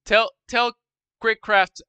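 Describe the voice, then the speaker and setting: A man streaming a game live, talking to his chat in an excitable way, repeating himself and gushing thanks. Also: high-pitched, takes it slowly, smooth, dry recording, soft background music. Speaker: Roblox streamer.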